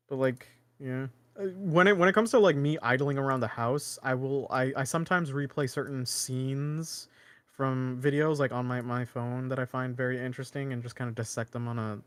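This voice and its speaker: A man from Canada co-hosting a podcast, talking in a rambling, animated way with many restarts. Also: medium pitch, smooth. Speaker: podcast co-host. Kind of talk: casual chat.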